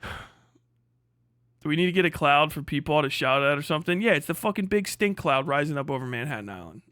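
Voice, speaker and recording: A young man rants on a livestream, crude and sarcastic, laughing between jabs. His voice is a little high, and it comes out bright and cutting. The mic is close and dry. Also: lively intonation, fairly quick, dry recording. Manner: crude, sarcastic, laughs often, answers chat. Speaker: livestream host. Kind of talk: profane ranting stream chat.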